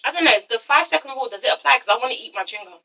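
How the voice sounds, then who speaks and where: A woman's voice: high voice, expressive, racing, gravelly, pushed and bright, far from the mic, low-quality recording. A young woman vlogger giving a sassy, swearing review of a reality show episode, mimicking the people in it. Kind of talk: casual ranting review.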